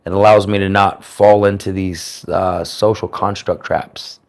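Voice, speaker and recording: An American man telling his personal story in an interview, speaking in a reflective, earnest way with careful, clear enunciation. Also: deep voice, little pitch movement, a little slow. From United States.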